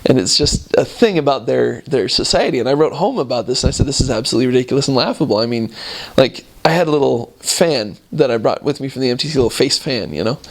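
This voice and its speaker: A man from the United States casually telling a story about living abroad, halting often and laughing at the absurd parts. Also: mid-range voice, expressive.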